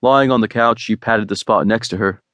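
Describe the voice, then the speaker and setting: A man narrating a first-person romance audiobook in a relaxed, wry way. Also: lowish voice, normal speed, no room sound, highs cut off.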